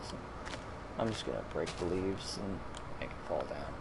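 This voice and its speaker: Sitting low with a creaky texture, a man streams a video game at a moderate pace, offering loose, rambling commentary full of self-corrections and a touch of exasperation, over background noise.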